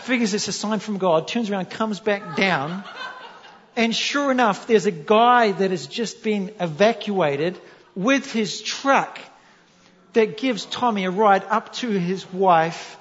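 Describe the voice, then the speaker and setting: A man's voice: high-pitched, slow pace. A man from New Zealand with a New Zealand accent, preaching a sermon as a pastor in a joking storytelling manner and putting questions to the audience. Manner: animated, jokey, asks the audience questions. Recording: echoey hall, dull lo-fi sound.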